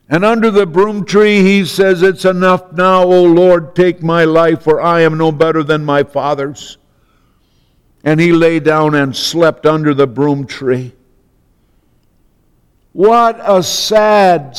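A man delivers a sermon at an unhurried, deliberate pace, leaning on repeated phrases and dramatic pauses. His voice sits high and comes through smooth and resonant. It carries the long reverb of a hall. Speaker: preacher.

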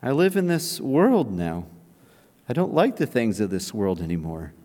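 A man preaching a sermon in a large church, building to loud, high climaxes and falling to near whispers. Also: big pitch swings, moderate pace. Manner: impassioned, swelling loud and high then dropping to a near whisper. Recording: long reverb of a large hall.

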